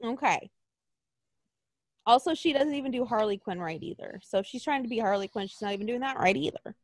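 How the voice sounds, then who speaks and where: A woman co-hosting a casual chat, ranting in an animated way with mock outrage and swearing. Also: fairly high pitch, brisk, no echo, studio quality.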